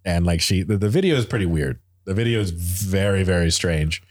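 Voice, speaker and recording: A man with a very deep, low voice chats casually about music. He rambles with enthusiasm, full of fillers and restarts. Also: animated, fairly quick, a little mellow.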